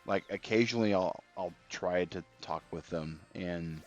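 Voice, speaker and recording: A man streaming a video game and chatting casually with viewers, relaxed and rambling, with many fillers and restarts. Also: low-pitched, normal speed. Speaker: gaming livestreamer. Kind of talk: casual live-stream chat while playing. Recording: slightly dull stream audio with faint game music.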